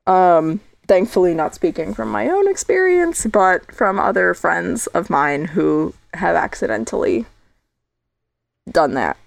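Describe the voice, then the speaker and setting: This is a woman co-hosting a casual podcast, sliding from one tangent to the next and laughing easily. Her voice sits fairly low, and the recording is dry and close, with no room sound. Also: big pitch swings, unhurried, vocal fry, no room sound. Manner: chatty, tangential, laughs often. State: losing her voice. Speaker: podcast co-host. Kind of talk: casual chat.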